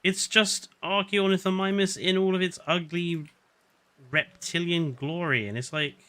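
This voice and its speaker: A man's voice: high-pitched, steady tone, a little slow, sharp tone. A man chatting casually and sarcastically while live-streaming a game, often laughing.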